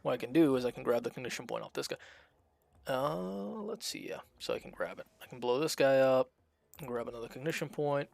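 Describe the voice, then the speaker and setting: A man streams a strategy game and talks through every move in a loose, rambling way, full of fillers and restarts. His voice has a gravelly edge, and it sounds close and dry with no room around it. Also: mid-range voice, a little fast, darkish tone, no echo. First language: Russian. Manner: chatty, thinks aloud, frequent fillers. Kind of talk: casual gameplay commentary.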